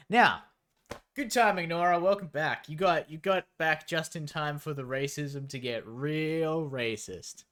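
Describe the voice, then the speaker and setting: A man's voice: on the high side, measured pace, a bit bright. A young man streaming as he reads a story aloud, breaking off into incredulous, profane, sarcastic asides.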